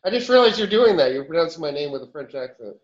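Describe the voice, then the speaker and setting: A man speaking as a channeled higher self in a question-and-answer session, rambling with restarts and chuckles. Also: big pitch swings, fast, dull audio.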